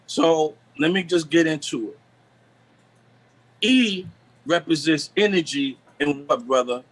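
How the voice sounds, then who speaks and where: A man on a live video call, explaining the deeper meanings of words in a preachy, repetitive way. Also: takes it slowly, poor audio. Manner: preachy, repeats "you know what I'm saying". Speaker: guest. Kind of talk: live stream talk on word meanings.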